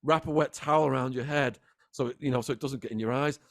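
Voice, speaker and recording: A man voicing a quick-talking old-timer cellmate. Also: medium pitch, steady tone, no echo, clean studio sound, natural voice. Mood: advising. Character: old-timer male cellmate giving advice.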